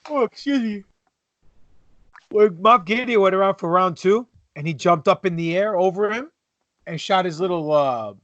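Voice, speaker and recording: Guy with a high bright voice retelling scenes, swears a lot, dull dry recording. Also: moderate pace, no room sound. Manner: animated, profane, retells scenes. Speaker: podcast co-host. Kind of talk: casual review chat.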